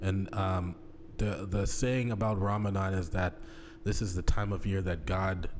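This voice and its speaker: A man's voice: low-pitched, fairly even intonation, measured pace, background noise. A man co-hosting a podcast in loose, rambling casual chat, full of fillers. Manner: laid-back, rambling with fillers. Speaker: podcast co-host.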